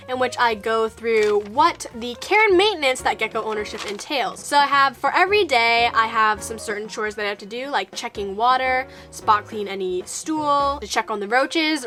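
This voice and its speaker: A young woman talks straight to camera from her room in a chatty storytime vlog. Her voice sits a little high and sounds bright and crisp. It lifts brighter still as she reads her old letters aloud, with faint music playing softly underneath. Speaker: vlogger.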